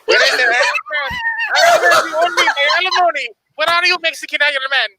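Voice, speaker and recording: A performer putting on an exaggerated Latin American accent for a loud, goofy comic character who demands money and tacos. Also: extremely high pitch, wildly swooping pitch, quick pace, heavy background noise, exaggerated voice. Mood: shouting demands. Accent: put-on exaggerated Latin American accent. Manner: loud, goofy, over-the-top shouting. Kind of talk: comic improvised bit on a livestream.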